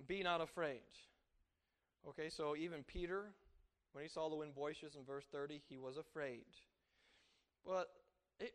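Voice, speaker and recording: A man preaching a conversational sermon, swinging between loud exasperated asides and hushed, soft quoting of scripture. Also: medium pitch.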